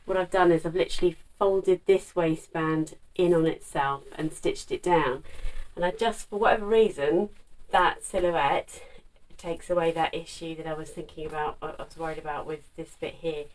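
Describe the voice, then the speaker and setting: A woman's voice: sits low, steady tone, normal speed, darkish tone, distant mic, poor audio. A middle-aged woman, chatting casually to camera about her sewing, rambling with plenty of fillers and restarts. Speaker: sewing vlogger.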